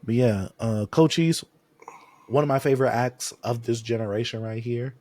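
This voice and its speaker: A man's voice: mid-range voice, moderate pace, no echo. A man co-hosting a podcast, chatting casually about music and acting out quotes as he tells stories. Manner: animated, acts out quotes when telling stories. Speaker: podcast co-host. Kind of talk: casual chat.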